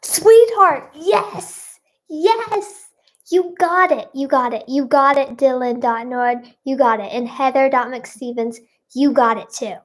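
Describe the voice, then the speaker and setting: A woman's voice: on the high side, steady tone, moderate pace. A woman hosting a playful live stream, chatting to viewers and reading out their guesses in a bubbly way. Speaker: livestream host.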